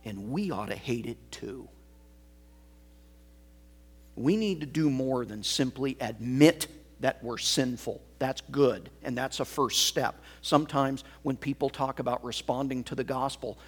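Male pastor, husky voice, slow deliberate sermon delivery with dramatic loud-to-hushed swings. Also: mid-range voice.

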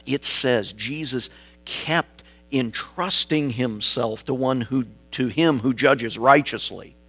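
A man preaching a sermon, slow and deliberate, building his points through repeated phrases. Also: mid-range voice, gravelly, a bit bright. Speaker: pastor.

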